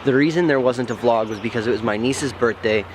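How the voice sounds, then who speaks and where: A man's voice: mid-range voice, brisk, a little hiss or hum. A young man vlogging casually to a handheld camera, rambling and correcting himself as he talks. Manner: rambling, self-correcting, relaxed. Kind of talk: casual vlog talk to camera.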